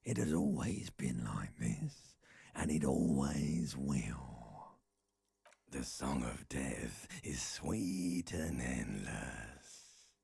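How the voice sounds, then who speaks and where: An ancient, gravelly primal voice in the mind. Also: male voice, darkish tone, dry recording, exaggerated voice. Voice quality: deep gravelly whisper. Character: ancient primal male voice inside the mind, ominous. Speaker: game voice. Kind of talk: slow ominous whispered narration.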